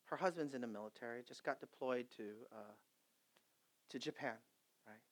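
A man preaching a sermon in a mid-range voice. He swings between fervent, loud exhortation and soft, confiding anecdotes. He often turns to his congregation with quick conversational asides. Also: mid-range voice. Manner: impassioned, swinging from loud exhortation to hushed storytelling. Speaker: pastor.

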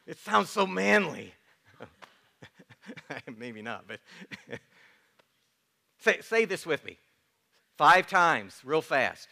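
Male pastor, sermon delivery, slow and deliberate, bright tone. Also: a little high, very animated, gravelly. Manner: slow, emphatic preaching with soft hushed passages and playful laughter.

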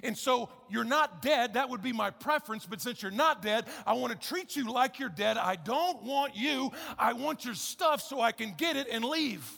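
A man's voice: very high voice, animated, moderate pace, creaky, few pauses, bright, forceful tone, pitched above the performer's own voice, full character voice. A man acting out a greedy, defiant young son who bluntly demands his inheritance, during a sermon in an echoey hall. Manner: blunt, scornful.

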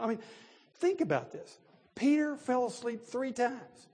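A man preaching a sermon, animated and emphatic, who builds to loud peaks and chuckles between points while talking straight to his listeners. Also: high voice, a little slow, breathy edge, long reverb tail. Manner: laughs between points, addresses listeners directly.

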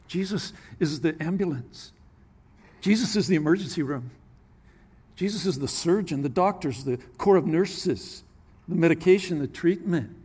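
A man preaching a sermon as pastor, earnest, with sudden drops into soft, hushed asides. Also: fairly high pitch, measured pace, slightly rough.

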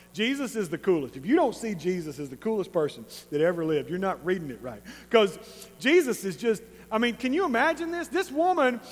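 A man with an East Texas accent preaching a sermon as a pastor, conversational and emphatic, with animated storytelling. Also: very high voice. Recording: long reverb of a large hall.

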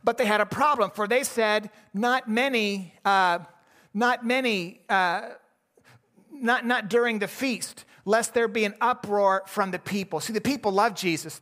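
A man's voice: high voice, pushed and bright. A man preaching a sermon in a conversational way, often restarting his phrases and adding asides to the congregation. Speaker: pastor.

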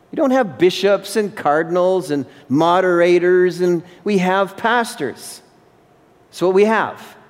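High-voiced man preaching in a reverberant hall. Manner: emphatic, repeats phrases for stress. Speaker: pastor. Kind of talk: sermon. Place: church sanctuary.

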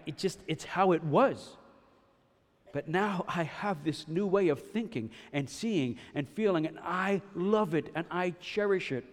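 A man delivering a sermon in a high-pitched voice that carries through a large, echoing hall. He swings between forceful, loud emphasis and quiet, intimate stretches. He keeps drawing his listeners in with quick asides like "yes?" and "right?". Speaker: pastor.

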